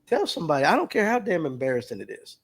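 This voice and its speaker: Guy hosting a fishing stream, kinda high voice, heartfelt and choked up, says stuff twice. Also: very animated, quick pace, creaky, fairly bright tone, husky. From US South. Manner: earnest, emotional, repeats himself, near tears. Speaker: tackle shop owner hosting a livestream. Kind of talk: heartfelt casual livestream talk. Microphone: streaming mic.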